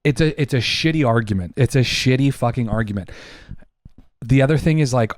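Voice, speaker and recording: A man co-hosting a podcast, delivering a heated, profane opinion rant, loud and emphatic. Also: medium pitch, a little fast, dry recording, studio quality. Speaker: podcast co-host.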